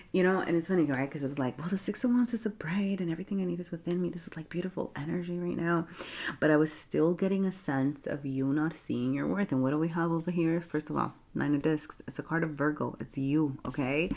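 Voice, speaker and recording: A woman's voice: low voice, gravelly, darkish tone, breathy edge. A woman giving a chatty, encouraging tarot reading, laughing often and checking in with "okay?". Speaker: tarot reader. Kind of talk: casual tarot reading to camera.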